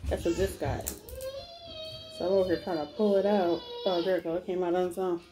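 A woman's voice: fairly low pitch, steady tone, brisk, music in the background. A woman vlogging a mukbang at home, chatting to her viewers as she eats and hums over her food. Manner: chatty, addresses viewers as y'all, smacks and hums while eating. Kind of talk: mukbang eating vlog, casual chat. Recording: noisy home recording. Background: a baby crying and household noise.

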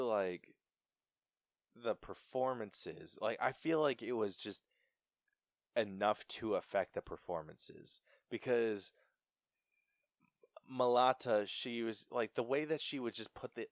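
A young man co-hosting a podcast, chatting casually about a film with an animated, stumbling delivery and frequent laughs. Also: medium pitch, takes it slowly, no echo, studio quality. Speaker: podcast co-host. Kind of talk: casual film review chat.

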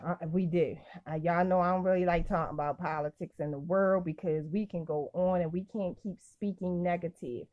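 A woman's voice: on the low side, fairly even intonation, moderate pace, few pauses, muffled recording. A woman minister giving a casual, emphatic devotional teaching over a live phone stream, often repeating her phrases.

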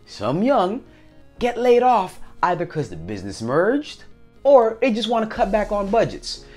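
Animated man talking to camera. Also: high voice. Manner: animated, acts out little scenes with different voices. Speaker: vlogger. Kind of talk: casual talk to camera.

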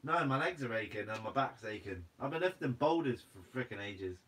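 Guernsey guy in his 20s doing a chill live q&a, reads chat out loud, easygoing. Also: mid-range voice, animated, a little fast. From Guernsey, Channel Islands. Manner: casual, chatty, reads viewer comments aloud. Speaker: fishing channel host. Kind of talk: live stream Q&A reading chat.

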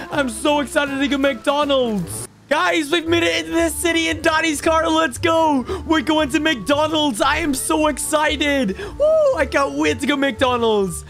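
A man puts on a high, squeaky, babyish voice to play a mischievous toddler boy who is excitable and greedy. He gives excitable in-character commentary on a game.

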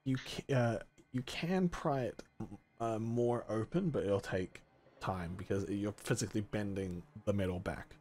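A man running a tabletop game as game master, narrating and explaining in a relaxed way. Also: on the low side, measured pace.

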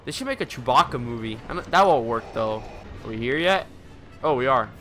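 A man giving casual, excitable commentary while playing a video game, swearing and yelling out his attack moves. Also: medium pitch, fairly quick. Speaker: let's play commentator. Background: loud game music.

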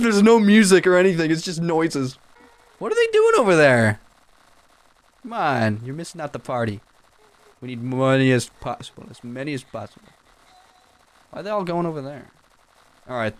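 Excitable young man yelping over gameplay. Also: a little high, no echo. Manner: excitable, panicky yelps and shouts. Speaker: gaming YouTuber. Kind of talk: sandbox game commentary.

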